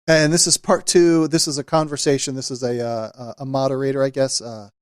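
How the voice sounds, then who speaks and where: Guy cohosting a podcast, rambly casual chat, lots of uhs, mid-pitch voice. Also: fairly even intonation, fairly quick, clean tone, no room sound, studio quality. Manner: loose and chatty, many fillers. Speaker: podcast co-host.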